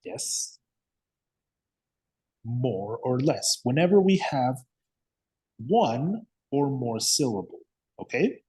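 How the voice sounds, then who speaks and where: Male English teacher, slow and patient, slightly husky, checks in with students constantly. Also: mid-range voice, sing-song, darkish tone. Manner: patient, repeats words slowly, frequent "yes?" and "okay?" checks. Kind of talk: classroom grammar lesson.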